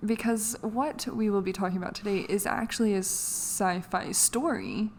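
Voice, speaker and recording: A woman's voice: medium pitch, lively intonation, moderate pace, slight background noise. A young woman co-hosting a podcast in casual chat, rambling with lots of fillers and giggles. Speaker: podcast co-host.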